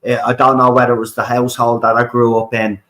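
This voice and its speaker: A man's voice: mid-range voice, completely flat delivery, fast talker, a bit bright, poor audio. An Irish man hosting a livestream, ranting with fiery passion, swearing often and repeating himself. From Ireland. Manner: fiery, repetitive, swears often, keeps asking "right?". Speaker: livestream host. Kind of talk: impassioned livestream rant.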